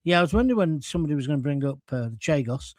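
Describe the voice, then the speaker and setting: Hosting a casual live stream, this middle-aged man from England reads out comments from viewers and fires back bluntly, cursing liberally. His fairly high voice is expressive and very fast, captured close on a dry mic with no echo.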